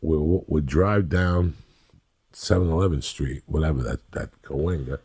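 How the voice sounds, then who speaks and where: A man's voice: very deep voice, normal speed, a little mellow, slightly rough. A Cuban-American man in his fifties, telling brash, swearing comic stories on a podcast and acting out the people in them. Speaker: comedian and podcast guest. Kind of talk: profane comic storytelling on a podcast.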